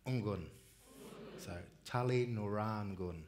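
A man's voice: on the low side, slow, background noise. A man leading a conference audience in a call-and-response song, encouraging and upbeat, calling out and demonstrating. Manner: upbeat, encouraging, calls out and sings examples. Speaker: music and dance workshop leader. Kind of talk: leading a group singing workshop.

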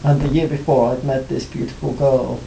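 A man being interviewed about his music career, talking reflectively with many pauses and restarts. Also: little pitch movement, vocal fry, mellow. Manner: hesitant, many restarts and "you know". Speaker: interviewee, former band cellist. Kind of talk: reflective casual interview talk. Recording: roomy, faint rumble.

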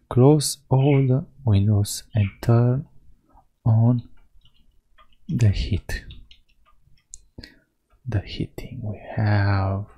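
On a rough recording, a European man with a fairly low, mellow voice narrates a video game playthrough. As host of the Let's Play, he reads the in-game lines aloud playfully with mock voices.

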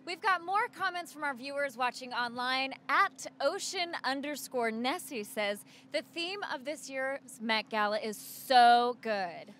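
High, upbeat woman livestream co-host. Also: expressive, unhurried, few pauses, fairly bright tone, a little hiss or hum. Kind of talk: reading viewer comments.

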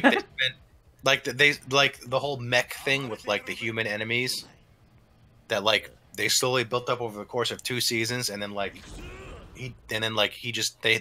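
A man with a very bright, sharp tone, talking in loose, rambling casual chat. He circles back on himself and leans on "like" as he goes. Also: on the low side, fairly even intonation, brisk, slight background noise. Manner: rambling, many restarts and "like". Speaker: let's play commentator.

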